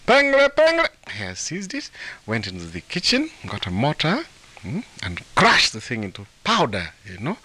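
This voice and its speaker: Animated male storyteller from Africa, lively and chuckling. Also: deep voice, husky. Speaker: author and translator of folktales. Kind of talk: storytelling in an interview.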